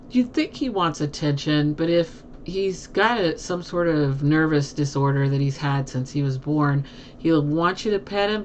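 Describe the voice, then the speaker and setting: A chatty live streamer talks loosely with viewers from a home desk and laughs often. The voice sits at an ordinary middle pitch, with a faint hiss behind it. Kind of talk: casual chat with viewers.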